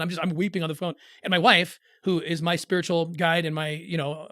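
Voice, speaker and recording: A middle-aged man telling a personal story in an interview, earnest and halting, with many restarts as he acts out the voices of others. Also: fairly high pitch, flat delivery, pushed and bright, dry recording, studio quality. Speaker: interview guest.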